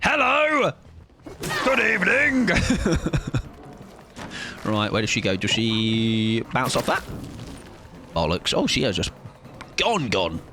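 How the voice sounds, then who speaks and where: A man streaming a game with casual, jokey commentary, often jumping into squealing high-pitched bursts. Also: sing-song, a little slow, long pauses, a bit bright, slight background noise.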